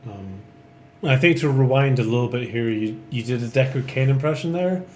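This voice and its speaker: A man hosts a casual podcast with a jokey, interviewing manner. His pitch swings a lot as he talks. Faint room ambience is heard behind him. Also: expressive, moderate pace, a little mellow, a little hiss or hum. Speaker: podcast host.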